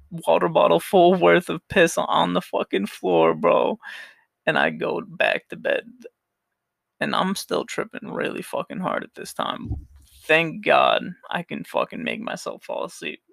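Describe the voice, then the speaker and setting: A young man hosts a casual solo podcast, rambling through a story with plenty of swearing and frequent laughter. His voice is on the high side and heavily gravelly with fry, and it swings widely in pitch. The sound is close and dry. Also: a bit bright, dry recording. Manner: rambling, profane, laughs often. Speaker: podcast host.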